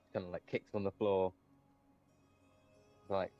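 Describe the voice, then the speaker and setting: A man's voice: deep voice, little pitch movement, unhurried, faint music behind. A man playing a tabletop game, rambling with many fillers, recorded slightly muffled and off-mic. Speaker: player. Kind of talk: casual tabletop play.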